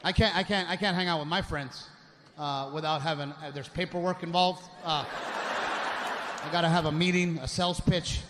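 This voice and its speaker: A man performing live stand-up comedy, ranting in an exasperated way with loud shouted bursts. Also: fairly high pitch, fairly even intonation, normal speed, crowd noise. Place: stage at a live show. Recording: live show with loud background noise.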